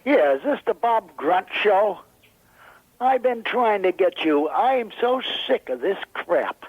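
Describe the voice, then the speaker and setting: Male caller, exasperated rant, husky voice, thin phone sound. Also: sits high, sing-song, slow pace, no echo. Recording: muffled phone line.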